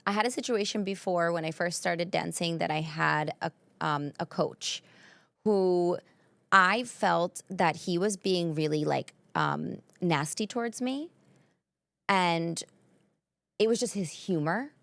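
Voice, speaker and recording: A woman's voice: on the low side, slow, vocal fry, fairly bright tone, dry recording, clean studio sound. A woman with an accent co-hosting a casual chat, telling stories animatedly and acting out quoted voices. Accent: non-native English. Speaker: podcast co-host.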